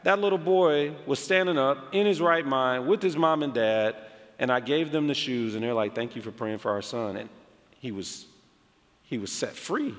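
An American man preaching a sermon, telling a story in an animated way with many casual "like" asides. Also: fairly high pitch, normal speed. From United States. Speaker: pastor. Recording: long hall reverb.

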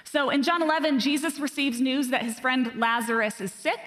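A woman preaches a sermon in a fairly high voice, animated and self-deprecating as she tells stories. Her voice rings out with a long reverb, as in a large hall. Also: normal speed.

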